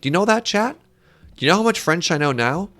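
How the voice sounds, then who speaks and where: A man's voice: sits high, animated, fast talker, a bit bright. A man live-streaming a game, chatting casually with viewers in a joking, self-deprecating way, with faint game music behind him. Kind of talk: casual live-stream chat while gaming.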